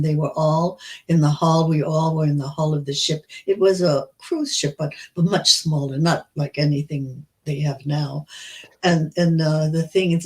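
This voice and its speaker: A woman in her nineties, a survivor, telling her memories in an interview, slow and halting with many restarts. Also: low voice, low-quality recording. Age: 90s. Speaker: Holocaust survivor guest.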